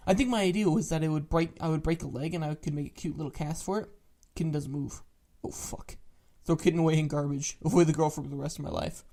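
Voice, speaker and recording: Brief: deadpan storyteller, mid-pitched voice, reads dark internet stories with a straight face and plenty of swearing. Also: vocal fry. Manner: deadpan, matter-of-fact, casual swearing. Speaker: narrator of internet greentext stories. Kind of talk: reading internet stories aloud.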